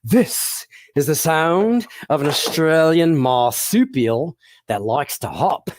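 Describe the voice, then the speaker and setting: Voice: medium pitch, lively intonation, takes it slowly, darkish tone, no room sound. A performer presenting an educational show for children, playful and encouraging, often laughing and asking the audience questions. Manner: addresses the audience directly with questions.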